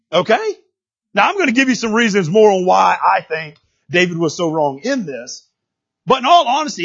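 A man's voice: high-pitched, fairly bright tone, husky, lo-fi sound. A man preaching a sermon in a casual, emphatic way, often repeating and restarting his words.

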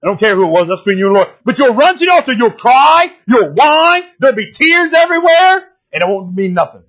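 High-voiced husky male preacher. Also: fast, lo-fi sound. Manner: animated, talks straight to the congregation, often asks "you know what I'm saying?". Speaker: pastor. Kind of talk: conversational sermon.

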